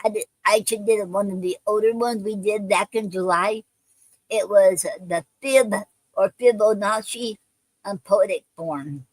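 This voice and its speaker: A woman hosting a casual poetry live stream, speaking haltingly with many fillers and restarts as she chats with viewers. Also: medium pitch, no room sound, low-quality recording. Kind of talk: casual live-stream chat, leading a poetry writing session.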